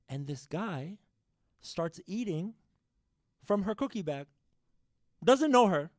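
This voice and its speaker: A man giving a sermon, telling a story to the congregation with lively shifts in loudness and addressing them as brothers and sisters. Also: fairly high pitch, dry recording, clean studio sound. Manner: animated, shifts loudness widely, addresses the audience directly. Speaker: speaker at a religious program. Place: mosque or community hall.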